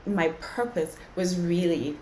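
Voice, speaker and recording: Lowish woman from zimbabwe telling her story on a podcast, earnest, kinda echoey room. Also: slow, mellow, a little hiss or hum. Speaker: podcast guest, entrepreneur. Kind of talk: casual interview conversation.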